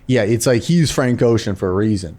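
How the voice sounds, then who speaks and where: A young man co-hosting a podcast in casual, jokey chat, animated and quick to slip into silly voices. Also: lowish voice, over a noisy crowd. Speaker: podcast co-host.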